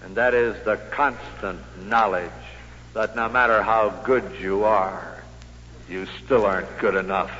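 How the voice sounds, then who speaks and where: An older sales executive giving a speech to an audience, telling a story with dry humor and loud emphatic peaks. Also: male voice, on the low side, steady tone, unhurried. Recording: muffled old hall recording.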